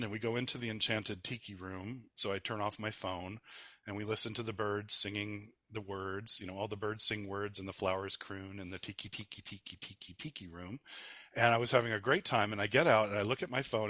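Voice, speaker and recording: A man's voice: lowish voice, steady tone, fairly quick, sharp tone, no room sound. A man telling a personal work story as a podcast guest. He talks candidly, with many ums and restarts, and is wry about himself.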